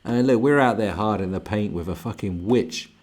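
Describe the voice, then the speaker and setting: A man's voice: lowish voice, normal speed, background noise. A young man streaming live, ranting crudely and mocking the video in front of him, laughing often. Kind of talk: profane ranting reaction stream.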